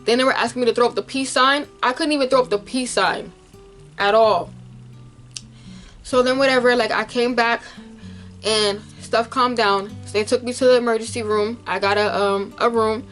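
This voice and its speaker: A young woman vlogger, emotionally retelling a frightening medical episode in a casual, animated way to camera. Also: fairly high pitch, normal speed, soft background music.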